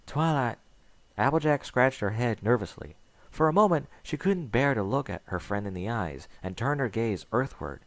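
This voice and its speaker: Guy reading a story aloud, lowish voice, lots of ups and downs, dry close mic. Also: lively intonation, normal speed, hardly any pauses, dry recording. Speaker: fan fiction reader. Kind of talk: story narration.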